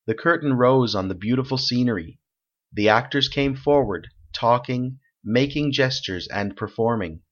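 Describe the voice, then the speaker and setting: Male storybook narrator, steady and measured, mid pitch, muffled lo-fi sound. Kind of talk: read-aloud story narration. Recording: dull lo-fi recording.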